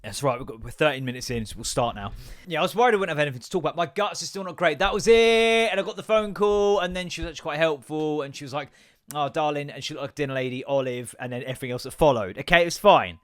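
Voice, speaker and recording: A man's voice: on the high side, very fast, fairly bright tone, dry recording. Sweary rambling podcast man. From England. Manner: sweary, rambling, self-mocking. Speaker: podcast host. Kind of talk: casual solo podcast rant.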